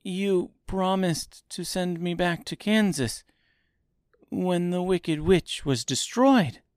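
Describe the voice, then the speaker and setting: A man's voice: sits high, slow pace, darkish tone, clean tone, dry recording, studio quality, pitched above the performer's own voice. A man voicing an earnest young girl who speaks insistently.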